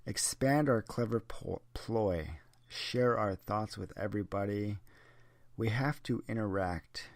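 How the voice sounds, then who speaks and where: A man's voice: lowish voice, takes it slowly, no echo. A young man, a little drunk, rambling and swearing his way through a solo podcast monologue. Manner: profane, rambling, tipsy. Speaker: podcast host.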